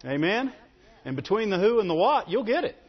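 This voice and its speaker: High-voiced preacher man in an echoey hall. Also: sing-song, brisk, slightly rough. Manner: emphatic, calls for audience response. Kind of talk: sermon. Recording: echoey hall, dull lo-fi sound.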